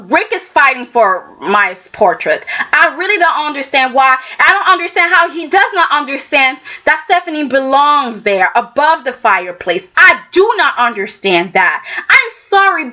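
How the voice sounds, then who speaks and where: A woman's voice: high-pitched, sharp tone. A woman reviewing a soap opera in a casual, emphatic, exasperated way, often tossing in "okay?". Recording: dull lo-fi sound.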